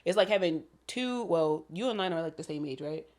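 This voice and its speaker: Quick-talking woman guest, super emphatic, says her punchlines twice. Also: lowish voice, expressive, darkish tone. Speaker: podcast guest. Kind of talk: casual chat.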